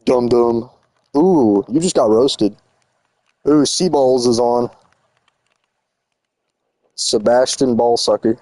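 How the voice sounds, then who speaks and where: A young man rambling through a casual live stream, teasing his chat with a slangy "bro" here and "dude" there. His voice is mellow and warm. The sound is dry and close, with no room around it. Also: mid-range voice, steady tone, measured pace, pauses often, dry recording.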